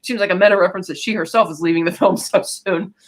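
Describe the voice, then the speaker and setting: Brief: fast-paced podcast co-host, casual rambling recap, mid-pitched, tosses in quick acted-out quotes. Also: steady tone.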